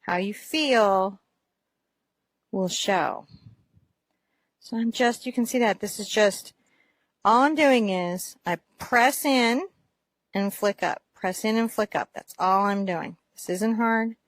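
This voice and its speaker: A woman teaching a painting lesson in a gentle, encouraging way, describing each brushstroke as she works. Her voice sits at a middle pitch and is recorded dry and close, with no room sound. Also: takes it slowly, long pauses, no echo. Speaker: art teacher.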